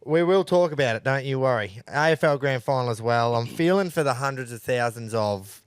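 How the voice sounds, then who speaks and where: Laid-back bloke bantering. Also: male voice, medium pitch, fairly quick, clear, resonant tone, no echo. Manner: laughing, relaxed banter, sweary. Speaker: podcast co-host. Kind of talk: casual chat.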